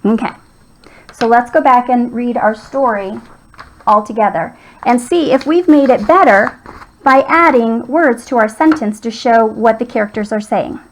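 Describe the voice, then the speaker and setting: A woman's voice: fairly high pitch, normal speed, slight background noise, low-quality recording. A woman teacher patiently walking young children through a writing lesson.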